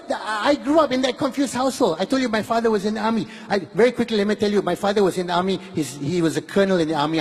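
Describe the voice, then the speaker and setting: A man in his fifties with a Malaysian English accent, performing animated stand-up comedy and repeating words rapidly. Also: high-pitched, slightly rough, big-room sound.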